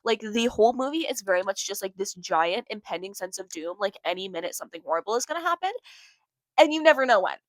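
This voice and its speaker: A woman's voice: medium pitch, animated, fast, dry recording. A young woman hosting a casual solo podcast, rambling and giggly, a little congested from allergies. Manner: rambling, giggly, self-interrupting. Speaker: podcast host.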